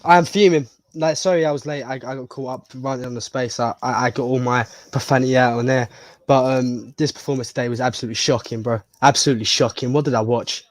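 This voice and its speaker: A man's voice: mid-range voice, steady tone, fast talker, no echo. Fuming man on a dry mic. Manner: fuming, blunt, keeps saying "bro". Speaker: co-host fan guest. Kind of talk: angry post-match reaction rant.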